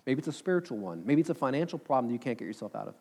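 A man's voice: mid-range voice, lively intonation, very fast, creaky, a little mellow, breathy edge. A man in his thirties preaching a sermon in a casual, earnest way, asking the congregation rhetorical questions. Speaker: pastor.

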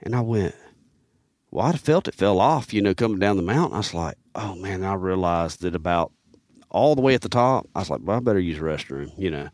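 A man's voice: deep voice, a little fast, no echo. A man, a guest on a podcast, telling a casual, rambling story in a studio. He fills his sentences with "man" and "you know.". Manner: rambling, animated, peppers speech with "man". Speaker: podcast guest, turkey hunter.

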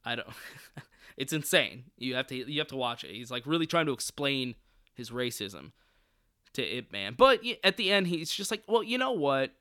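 A man rants through a movie review in a casual, sarcastic, foul-mouthed way, wandering off into asides. His voice is bright and forward, and the sound is dry and close. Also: medium pitch, sing-song, normal speed, dry recording. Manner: sarcastic, profane, rambling. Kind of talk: casual profane rant.

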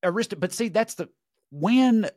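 A man with a Southern American accent co-hosts a casual podcast, spinning rambling, profane, jokey stories. His voice sits a bit high. The recording is close and dry. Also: lively intonation, normal speed, darkish tone, no echo. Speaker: podcast co-host. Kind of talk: casual comedic chat.

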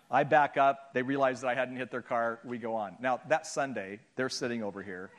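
A man's voice: medium pitch, brisk, few pauses, slight background noise. A middle-aged man speaking to a church audience, telling a humorous, self-deprecating story and acting out the people in it. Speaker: guest speaker and author. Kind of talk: storytelling sermon talk.

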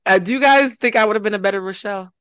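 A podcast co-host chatting casually, animated and joking, telling quick stories. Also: mid-range voice, no echo, studio quality. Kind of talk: casual chat.

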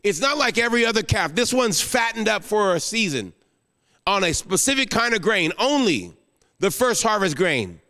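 A guest pastor preaching an emotional sermon, rising to exclamations and then falling soft into prayer. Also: male voice, high-pitched, sing-song, normal speed, big-room sound.

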